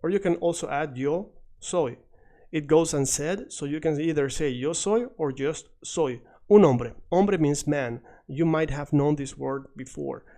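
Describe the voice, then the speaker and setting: A man teaching a recorded language lesson, patiently repeating words slowly for emphasis. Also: on the high side, warm tone. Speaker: Spanish teacher.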